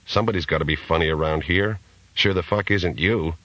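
A man's voice: deep voice, a little fast, a bit bright, dry recording, low-quality recording. A man voicing a bitter young hustler. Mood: sardonic. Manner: sardonic, bitter.

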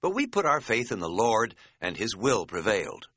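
Narrator reading a devout young male hiker, earnest and plain, with a sharp, close sound. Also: fairly low pitch, big pitch swings, normal speed, breathy edge, no room sound, exaggerated voice.

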